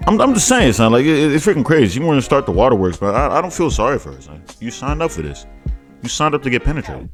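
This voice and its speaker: A man's voice: medium pitch, very animated, fast, faint music behind. A man hosting a reaction video, talking in a mocking, sing-song way with stammering restarts. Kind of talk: casual mocking commentary.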